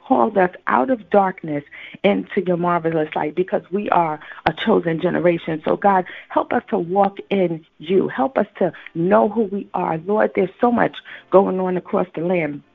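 Brief: woman prayer leader, gravelly husky tone, fervent repetitive pleading, tinny phone-line sound. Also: lowish voice, normal speed. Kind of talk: spoken morning prayer.

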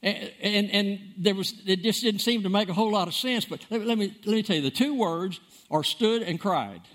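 A man preaching a sermon, emphatic and dramatic, repeating words for stress and swinging between loud and soft. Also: sits high, normal speed. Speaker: pastor.

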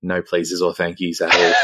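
A man hosting a podcast interview, relaxed and agreeable, with joking asides. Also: low-pitched. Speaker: podcast host. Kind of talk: casual interview chat.

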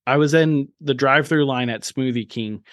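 A man's voice: medium pitch, moderate pace, no echo, clean studio sound. Earnest man telling a personal story. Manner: earnest and open, with frequent restarts and emphatic bursts. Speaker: podcast host. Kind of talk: candid personal storytelling in an interview.

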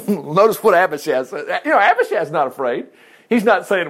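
A man preaching a folksy, animated sermon, reading scripture, acting out the quoted lines and laughing often. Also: fairly high pitch, moderate pace.

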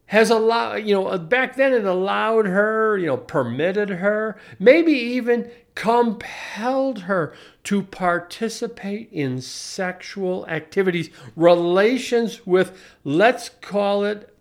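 A man's voice: high voice, expressive, gravelly. Wry man telling a sardonic story. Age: 40s. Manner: wry, deliberate, with frequent restarts and asides. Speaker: commentator.

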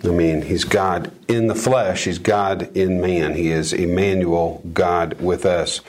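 A man with a low, somewhat husky voice reflects on scripture in an easy podcast conversation. He talks in a casual, thoughtful way and drops in a joke now and then. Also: steady tone, slow pace. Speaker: podcast co-host. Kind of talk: casual Bible discussion.

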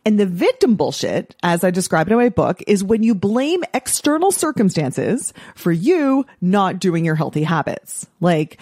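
Blunt, lively woman podcast host. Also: medium pitch, unhurried, few pauses, breathy edge, no room sound, studio quality. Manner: blunt, swears freely, acts out quoted excuses in mocking voices. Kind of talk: casual solo podcast talk.

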